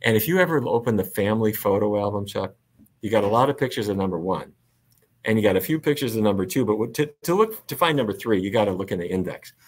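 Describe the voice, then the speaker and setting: A middle-aged man, a physician guest, telling stories in a relaxed, animated way with frequent laughs. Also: lowish voice, fast. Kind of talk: conversational storytelling.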